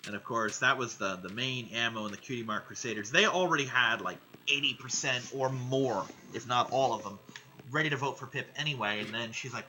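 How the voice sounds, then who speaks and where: A man's voice: medium pitch, normal speed, sharp tone, a little hiss or hum, poor audio. A man giving a casual, rambling and enthusiastic recap of a cartoon episode, peppered with swearing. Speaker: vlogger. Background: music playing.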